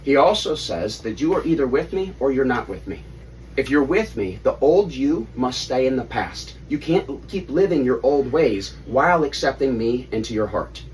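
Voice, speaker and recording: A man in his thirties retelling a story to his children at home, animated and stopping to quiz them. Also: mid-range voice, moderate pace, slight background noise. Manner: animated, asks kids questions. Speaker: father leading family Bible study. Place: family home. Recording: distant mic, faint room ambience.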